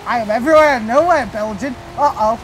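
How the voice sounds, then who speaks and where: A gaming host chatting casually and shouting playfully during a racing game. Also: mid-range voice, fast talker. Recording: game engine noise in the background. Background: car engine and game sounds.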